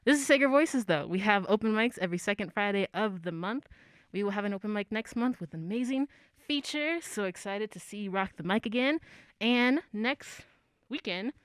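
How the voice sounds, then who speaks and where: A woman's voice: medium pitch, smooth, no room sound, studio quality. Chatty young woman hosting an open mic. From United States. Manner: chatty, self-deprecating storytelling. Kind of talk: casual chat.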